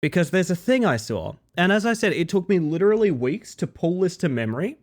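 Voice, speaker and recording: A man's voice: high-pitched, big pitch swings, a little fast. A young man streaming live while a little sick, his voice a bit off, bantering playfully with his viewers. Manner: playful, jokey banter, greeting viewers by name.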